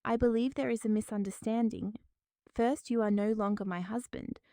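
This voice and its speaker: A woman voicing a calm, authoritative businesswoman who speaks with cool indifference, in a smooth, mellow voice. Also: a little high, moderate pace, no echo, natural voice. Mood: coldly calm.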